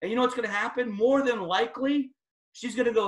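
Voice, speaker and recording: A man with a notably high-pitched voice gives a motivational team training talk. He is emphatic and fired up, and he talks in a loose, slangy way. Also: fast. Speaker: guest speaker at a sales team training.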